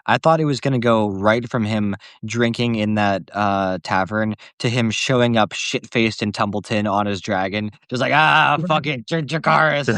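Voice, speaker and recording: A man's voice: fairly low pitch, normal speed, few pauses, smooth, dry recording, clean studio sound. A man in a casual discussion, joking and swearing while he talks. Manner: joking, laughs often, swears.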